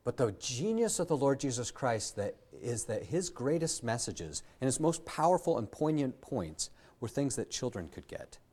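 A man preaching an earnest sermon as a pastor, often pausing with fillers and restarting his sentences. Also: mid-range voice, sing-song, a little mellow, husky.

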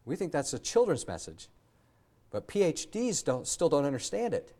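A man preaching an earnest sermon as a pastor, often pausing with fillers and restarting his sentences. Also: fairly high pitch, sing-song, dark tone.

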